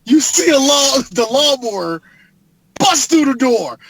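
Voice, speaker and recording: A man co-hosting a podcast, chatting casually about a movie as an animated, profane storyteller who laughs often. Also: very high voice, measured pace, a crowd in the background, low-quality recording. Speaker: podcast co-host. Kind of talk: casual movie review chat.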